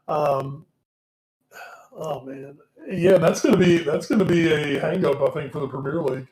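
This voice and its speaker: A man's voice: fairly high pitch, moderate pace, darkish tone. A tired man co-hosting a casual sports podcast, rambling with lots of ums and casual swearing. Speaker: co-host. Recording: echoey room.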